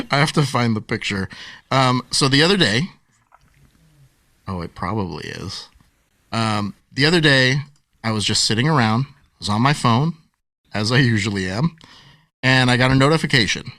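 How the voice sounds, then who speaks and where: An animated storyteller in his forties, a man whose voice swoops widely as he acts out quotes. His tone is bright and forward, and the recording is dry and close. He laughs easily as a guest in a relaxed interview. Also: mid-range voice, normal speed, long pauses, no echo. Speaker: podcast guest, author and speaker.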